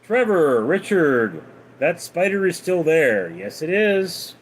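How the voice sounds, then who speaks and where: A man hosting a casual livestream, reading viewer questions aloud and answering them in a deadpan way. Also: on the high side, takes it slowly, husky. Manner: deadpan, reads names then answers. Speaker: livestream host.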